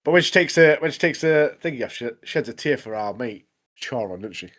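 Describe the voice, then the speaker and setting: A man's voice: medium pitch, brisk. Chatty man, says "mate" a lot. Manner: chatty, says "mate" constantly, animated retelling. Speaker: podcast co-host. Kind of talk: casual anime review chat.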